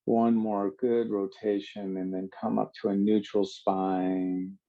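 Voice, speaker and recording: Calm man guiding a yoga class. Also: fairly low pitch, lo-fi sound. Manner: calm, slow, drawn-out cues. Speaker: yoga instructor. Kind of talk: guided yoga instruction.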